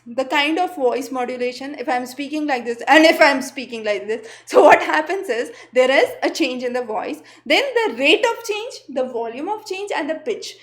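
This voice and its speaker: Casting note: female teacher with a high, bright voice, patient step-by-step explainer who doubles words for emphasis. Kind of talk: recorded exam-prep lecture.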